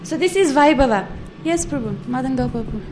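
Woman, high voice, patient pronunciation teacher in a live class, noisy recording. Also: expressive. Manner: patient, corrective, repeats words slowly and precisely.

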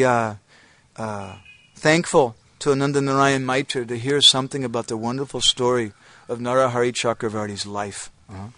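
A man's voice: on the high side, fairly bright tone, no room sound. A man giving a devotional lecture, telling a story with frequent hesitations and self-affirming "uh-huh"s. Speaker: religious speaker.

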